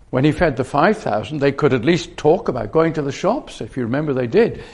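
A man's voice: mid-range voice, lively intonation, fairly quick, few pauses, a little mellow, breathy edge. A man preaching a sermon, earnest, often restarting and repeating phrases as he explains a Bible passage.

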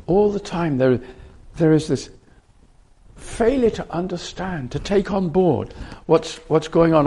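A man preaching a sermon, his voice gravelly and a little higher than most men's. He speaks earnestly and often restarts his phrases, repeating words as he works through his point. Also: darkish tone.

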